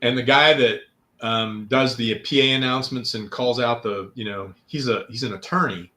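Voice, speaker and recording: An older man in his sixties tells stories in a relaxed interview, his voice sitting at a middle pitch. He breaks into lively, raised voices when he quotes other people, then settles back into easygoing chat. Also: normal speed. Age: 60s. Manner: animated storyteller, acting out quotes in a raised voice. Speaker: guest. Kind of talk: casual interview storytelling.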